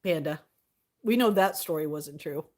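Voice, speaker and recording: A woman's voice: deep voice, normal speed. A young woman streaming live, chatting casually with her viewers, laughing often and greeting them by name. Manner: giggly, laughs often, reads out chat names. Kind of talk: casual livestream chat with viewers.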